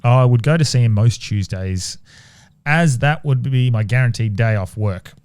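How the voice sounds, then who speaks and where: A man co-hosting a podcast, reading listener ghost stories aloud in a relaxed, casual way and sometimes stumbling and restarting mid-sentence. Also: mid-range voice, moderate pace, clean tone, no echo. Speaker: podcast co-host.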